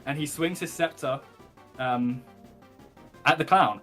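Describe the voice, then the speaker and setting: A man runs a tabletop game, describing the action in a loose, rambling way full of ums and likes. His voice is bright and forward, and faint music plays behind him. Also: on the high side, slow, pauses often. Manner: rambling narration with many ums and likes, swearing. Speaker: game master.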